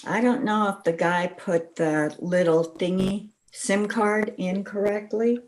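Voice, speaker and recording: A woman's voice: lowish voice, low-quality recording. A woman guest chatting casually on a video call, rambling a little with fillers.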